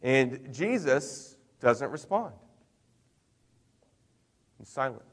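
A middle-aged man preaching a sermon in a conversational way, with emphatic swings in loudness. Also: mid-range voice, big pitch swings, extremely slow, husky, in a large hall. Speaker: pastor.

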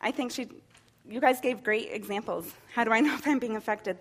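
A woman's voice: on the high side, brisk. Reflective woman leading a church group. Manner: reflective, gently encouraging, with frequent restarts. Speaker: women's ministry teacher. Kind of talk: church small-group teaching.

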